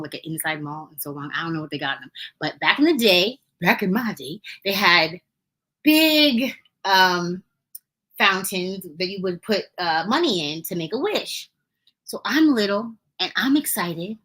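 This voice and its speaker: A young woman hosting a podcast, telling childhood stories in a casual, animated way, laughing and acting out quotes. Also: lowish voice, moderate pace. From Brooklyn, New York. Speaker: podcast host. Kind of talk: casual storytelling.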